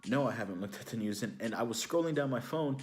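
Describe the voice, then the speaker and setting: A man's voice: medium pitch, animated, fast, faint music behind. A young man from Houston giving an inspirational testimony message, telling a story casually with fillers like "you know, like". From Houston, Texas, USA. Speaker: ministry speaker.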